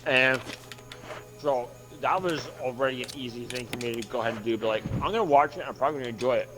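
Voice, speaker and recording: Excitable, rambling man over loud music. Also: medium pitch, fast. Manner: rambling, excitable, swears freely. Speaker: gameplay commentator. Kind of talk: casual chat while playing a game.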